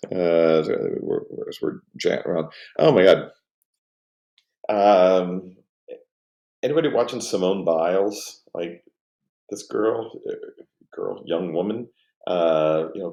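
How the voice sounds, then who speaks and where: Male streamer, deep gravelly voice, loose halting chat, roomy echo. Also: darkish tone. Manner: rambling, halting, greets chat viewers by name. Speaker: livestream host. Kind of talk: casual livestream chat.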